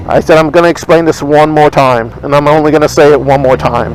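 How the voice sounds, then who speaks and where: Guy on a motorbike ranting casually, kinda high voice, cusses a lot, some faint street noise. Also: level tone, fairly quick, few pauses, poor audio. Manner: blunt, profane, retells arguments in quotes. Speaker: motorcycle vlogger. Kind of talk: casual rambling storytelling while riding. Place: riding a motorcycle on city streets outdoors. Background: faint street and traffic noise.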